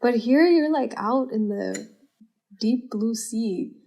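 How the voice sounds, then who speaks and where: A woman's voice: fairly high pitch, slow, creaky, mellow. A young adult woman, a podcast guest, chatting casually and telling stories with lots of filler words. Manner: chatty storyteller, full of "like" fillers. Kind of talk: casual chat.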